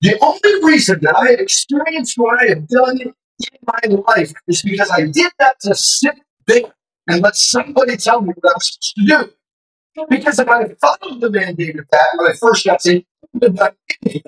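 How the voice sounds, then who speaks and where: A man's voice: very high voice, big pitch swings, brisk, a bit bright, rough recording. A man preaching a testimony, telling his story emphatically and with fervor. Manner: emphatic, fervent retelling with quoted dialogue.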